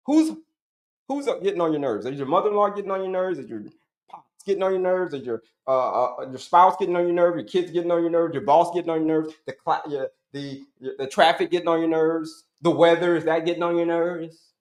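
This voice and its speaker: A man's voice: fairly high pitch, brisk, echoey room. A middle-aged man giving an emphatic, repetitive health coaching talk, asking and answering his own questions to the audience.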